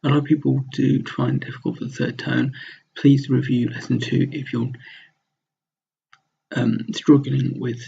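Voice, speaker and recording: A man's voice: medium pitch, level tone, moderate pace, creaky, pauses often, mellow, slightly rough. A man teaching a recorded slide lesson, explaining step by step and repeating words to model their pronunciation. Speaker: language teacher. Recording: dull lo-fi sound.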